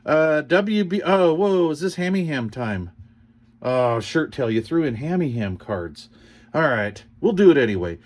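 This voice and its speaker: A man's voice: on the high side, big pitch swings, a little slow. A man chatting casually as he unboxes radio cards, rambling and joking as he reads call signs aloud. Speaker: CB radio hobbyist vlogger.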